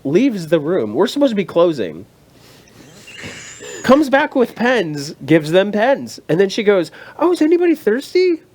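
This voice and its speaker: A man's voice: high voice, very animated, measured pace, a little mellow, slightly rough. A man in his thirties, co-hosting a casual chat show and telling a story while acting out the people in it. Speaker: co-host.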